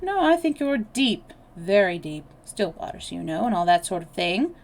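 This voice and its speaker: A woman's voice: mid-range voice, sing-song, moderate pace, a little mellow. A woman voicing a confident young man with a teasing, ironic way of talking.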